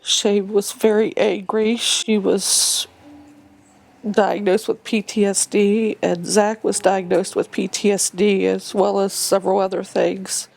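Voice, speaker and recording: A widowed mother in an interview, telling her story in a halting way with frequent restarts. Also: medium pitch, flat delivery, vocal fry, darkish tone, faint music behind. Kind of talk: recounting a personal story in an interview.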